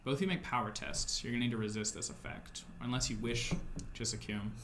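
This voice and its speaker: A man's voice: medium pitch, fairly even intonation, brisk, heavy background noise. A man running a tabletop horror game as game master, narrating scenes descriptively with loose fillers.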